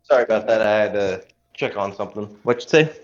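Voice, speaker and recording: A man's voice: lowish voice, fast, lo-fi sound. A man from the Midwest of the US, co-hosting a casual podcast over a call, joking and rambling as he teases the other speaker. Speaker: podcast co-host. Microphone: remote call.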